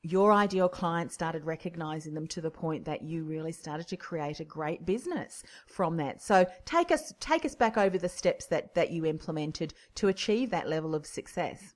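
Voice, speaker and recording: A woman's voice: deep voice, animated, normal speed, few pauses. A woman hosting an interview, enthusiastically summing up the guest's story before asking questions. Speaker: interview host.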